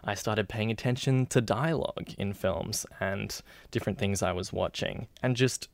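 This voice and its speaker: A man's voice: fairly low pitch, moderate pace, vocal fry, dry recording. A man, an aspiring actor and filmmaker, giving chatty, rambling advice to camera and laughing at himself. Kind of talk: casual advice talk to camera.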